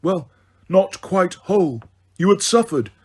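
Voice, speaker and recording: A man voicing a wise, weary old male headmaster wizard in an audiobook, speaking in a measured, gentle, grave way. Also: sits high, expressive, husky, voice pushed up, full character voice. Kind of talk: audiobook character reading.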